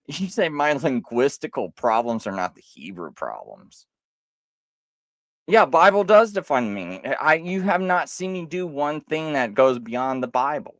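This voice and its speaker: A man's voice: mid-range voice, sing-song, measured pace, a bit bright, no room sound, studio quality. A man hosting a livestream, rebutting a critic in a sarcastic, mocking tone with frequent laughs. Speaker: livestream host.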